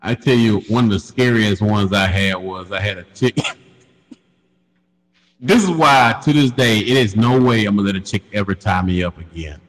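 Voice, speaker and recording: A man telling a crude story in casual chat, laughing often and animated. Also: on the low side, moderate pace, big-room sound, rough recording.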